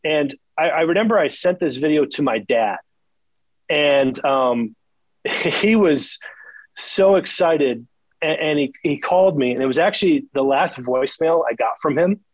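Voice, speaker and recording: A man's voice: a little high, animated, a little slow, no room sound, low-quality recording. A man who works as a shoe salesperson, speaking in an earnest, heartfelt way and repeating words when he is moved. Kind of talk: emotional conversational interview.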